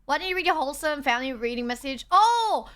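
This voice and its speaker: A woman's voice: sits high, rapid-fire, a bit bright. A young Australian woman livestreaming, chatting casually and thanking her chat on a borrowed setup. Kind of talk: casual stream chat reading chat. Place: borrowed streaming setup indoors.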